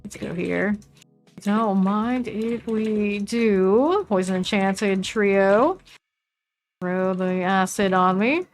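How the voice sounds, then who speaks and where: A woman with a Southern US accent, casually commenting while she plays a game, chatty and relaxed as she reads out item names. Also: medium pitch, extremely slow, soft background music. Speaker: streamer.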